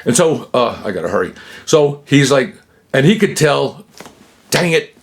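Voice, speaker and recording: A man's voice: mid-range voice, sing-song, measured pace, vocal fry, a little hiss or hum. A man hosting his own channel, telling a personal story in a rambling, casual way, full of fillers and acted-out dialogue. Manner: rambling, acts out quoted dialogue; frequent fillers and self-interruptions. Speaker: channel host.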